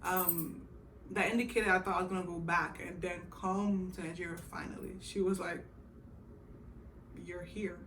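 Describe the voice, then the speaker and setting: A woman's voice: fairly low pitch, fairly even intonation, normal speed, fairly bright tone, far from the mic, a little hiss or hum. A young woman vlogger telling a personal story, animatedly acting out her own past reactions. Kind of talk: storytime vlog. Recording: roomy echo, mic set back.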